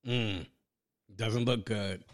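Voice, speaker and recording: A man's voice: fairly low pitch, fairly even intonation, very slow. A young man co-hosting a podcast, reacting briefly and asking easygoing questions. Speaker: podcast co-host. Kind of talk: casual podcast chat.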